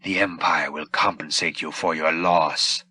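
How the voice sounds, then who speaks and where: A man's voice: a bass voice, steady tone, unhurried, sharp tone, husky, voice pushed down, heavily acted. Man doing Darth Vader, cold and curt. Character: cold, commanding male dark lord.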